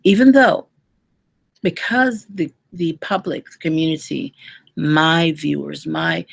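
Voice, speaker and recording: A woman's voice: sits low, slow pace, creaky, slightly rough. A woman who works as a hair care specialist, giving earnest, conversational advice to listeners and often restarting her sentences. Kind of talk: casual advice talk to listeners.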